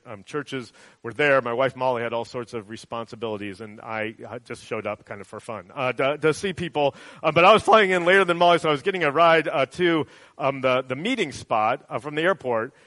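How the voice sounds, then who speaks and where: A man's voice: mid-range voice, a bit bright, no echo. A middle-aged man preaching a sermon in a conversational way, often checking in with "right?". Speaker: pastor.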